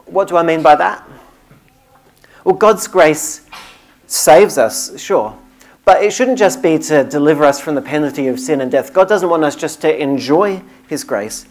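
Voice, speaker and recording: Brief: emphatic, earnest preacher mid-sermon, mid-range pitch. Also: measured pace, darkish tone. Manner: earnest, emphatic, with small restarts.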